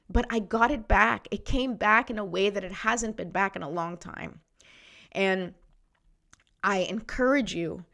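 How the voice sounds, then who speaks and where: This woman host's voice is on the high side with a fairly bright tone. She offers viewers casual, encouraging motivation in a chatty way, checking in often with "right?", though her voice sometimes wears thin and gives out.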